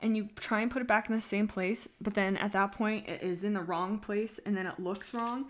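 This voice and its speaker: A woman chatting casually on a live stream while she draws, rambling and poking fun at herself, sometimes trailing off quietly as she focuses. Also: medium pitch, steady tone, fairly quick. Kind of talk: casual livestream chat while drawing.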